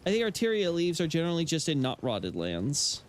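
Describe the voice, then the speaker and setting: A man with a fairly high voice talks loosely about game lore while he plays. He rambles, circles back and stacks fillers and restarts, then drops blunt opinions. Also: huge pitch swings, brisk, a little hiss or hum. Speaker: gaming lore streamer. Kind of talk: casual live-stream chat while playing.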